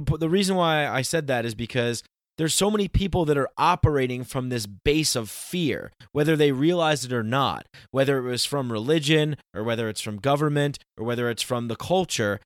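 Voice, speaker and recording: A man's voice: mid-range voice, no echo, studio quality. Rambling man in casual chat. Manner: rambling, many restarts, slows for emphasis.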